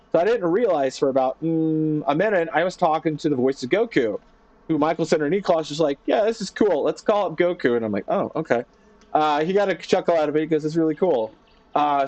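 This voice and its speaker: A man streaming from his home office, chatting casually and telling a rambling, animated story with lots of fillers. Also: medium pitch, no room sound. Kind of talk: casual chat.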